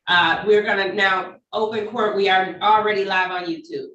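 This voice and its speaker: A woman judge running court proceedings over a video call, speaking in a measured, polite, procedural way. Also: mid-range voice, steady tone, sharp tone, dull audio. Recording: echoey, distant, faint noise.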